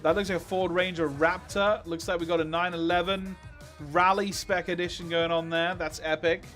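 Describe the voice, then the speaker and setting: Man, streamer, excitable, exclaiming, slightly high pitch, live reaction stream. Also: moderate pace, soft background music.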